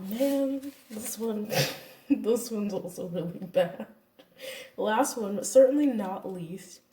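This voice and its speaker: A woman's voice: mid-range voice, dark tone, recorded from a distance. A woman in her twenties telling confessional stories to her viewers in a chatty, self-deprecating way. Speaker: YouTuber. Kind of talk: casual confessional story time. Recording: echoey room, voice a bit off-mic.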